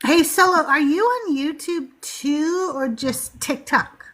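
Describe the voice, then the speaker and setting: A woman hosting a live call-in stream, bubbly and quick to laugh. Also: high-pitched, fairly bright tone. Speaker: host.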